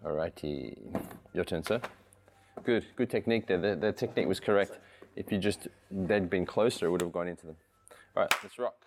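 A man's voice: sits low, fairly quick. A man teaching a martial arts class, patiently coaching technique and repeating cues in rhythm.

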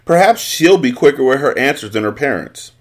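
Man voicing an arrogant count, curt, superior, raised pitch, storybook reading. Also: animated, brisk, natural voice. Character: imposing, arrogant nobleman, a count.

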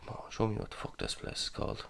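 A man co-hosting a podcast, ribbing his friend with sweary banter. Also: fast talker. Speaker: podcast co-host. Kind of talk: casual chat.

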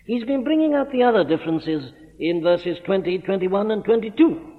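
A man delivers an earnest expository sermon, leaning hard on key words and repeating them for emphasis. His voice sits fairly high. The recording is old and tinny, with a long echo from a church hall. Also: animated, normal speed. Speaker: preacher.

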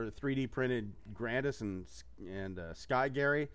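A man hosting a casual podcast with a mid-pitched, ordinary voice. He rambles through his stories, laughs often and swears freely, keeping the chat loose and unpolished. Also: moderate pace, few pauses. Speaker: podcast host.

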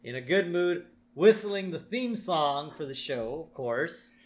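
A man co-hosting a podcast, casually recapping a cartoon episode and often trailing off quietly. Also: on the high side, animated, a little slow. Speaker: podcast co-host.

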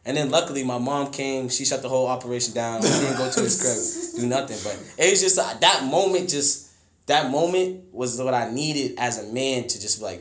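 A young man telling a story in casual, slangy chat. He acts out the people in his story by jumping into a much higher, louder voice. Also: brisk, echoey room. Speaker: podcast guest telling a story.

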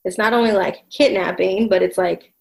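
A woman talks through a personal story in an easy, reflective way, often pausing on fillers and restarting her sentences. Her voice sits at a middling pitch and carries a noticeable creaky edge. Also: fairly even intonation, poor audio. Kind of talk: casual conversation.

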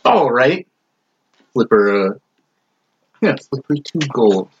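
A man's voice: medium pitch, big pitch swings, slow. A man playing a tabletop game in character, laughing often and restarting his lines. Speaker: player. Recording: dull lo-fi recording with faint noise.

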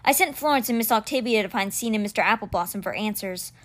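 A woman's voice: quick pace, fairly bright tone, natural voice. A woman voicing a grief-stricken teenage boy mage, speaking in a raised, strained voice in a storybook reading. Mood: distressed. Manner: higher, shaky and strained.

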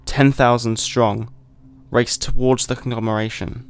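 A man hosting a podcast, giving a measured, deliberate dramatic reading of a short story. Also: mid-range voice, fairly even intonation, gravelly. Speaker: podcast host.

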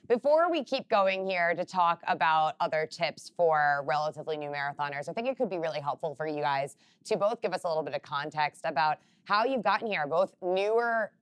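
A woman with a low voice hosts a live panel chat. She keeps it upbeat and conversational, steering guests with friendly questions. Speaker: host. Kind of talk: panel interview.

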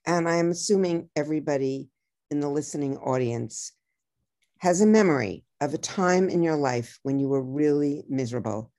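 A woman psychotherapist giving advice as a podcast guest, reflective and repeating key phrases slowly like a mantra. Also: low voice, mellow.

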